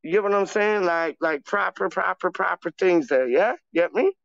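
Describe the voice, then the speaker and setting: A man's voice: sits high, normal speed, gravelly, fairly bright tone, no echo, highs cut off. Slangy man rambling on a livestream. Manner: slangy, rambling, repeats "dog". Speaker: channel host. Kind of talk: casual livestream chat and freestyle rap.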